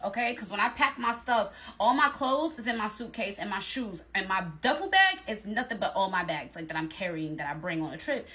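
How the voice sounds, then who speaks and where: A young adult woman telling a personal story to her viewers in a casual, slangy, animated way, often acting out what people said. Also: mid-range voice. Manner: animated, slangy, talks straight to viewers and acts out quoted lines. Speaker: storytime vlogger.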